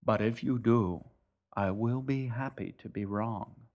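A man voicing a tall, stern boatman who speaks in a grim, measured, formal way. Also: on the low side, a little mellow.

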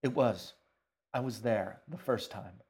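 A man's voice: medium pitch, measured pace, a little mellow, husky. A man reading a story aloud, voicing a stubborn, protective boy who speaks firmly and matter-of-factly. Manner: firm, matter-of-fact.

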